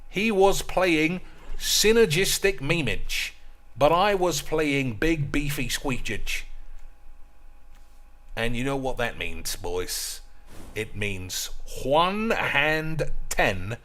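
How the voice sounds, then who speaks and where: A man streaming a card game, with rowdy, crude banter that keeps calling out to the boys and jumps into loud, high outbursts. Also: expressive, very slow. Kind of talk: casual gaming commentary.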